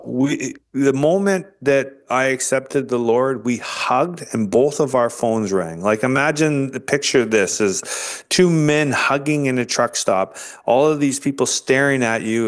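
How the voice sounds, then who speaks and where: A man in an interview, earnestly telling his personal faith story, often restarting and repeating words. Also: mid-range voice. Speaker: interview guest sharing his faith testimony.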